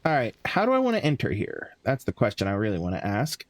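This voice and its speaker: A young man streams a game late at night, tired and mumbling his way through it with the odd casual curse. His pitch moves a lot, rising and dropping as he talks to himself. The sound is dry and close, with no room around it. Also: wildly swooping pitch, fast, no echo. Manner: drowsy, yawning, mutters to himself, swears casually. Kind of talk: casual gameplay commentary.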